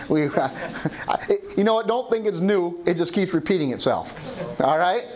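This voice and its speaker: A middle-aged pastor with a high, animated, slightly mellow voice preaches unhurriedly. He frequently turns to the congregation with a call-and-response "Amen?".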